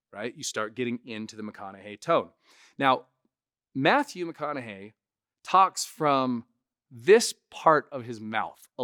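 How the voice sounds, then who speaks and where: A man's voice: medium pitch, fairly bright tone, no echo, studio quality. A man who is a comedian and impressionist, giving a casual tutorial and often tagging his points with "right?". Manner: chatty, keeps adding "right?" to check in.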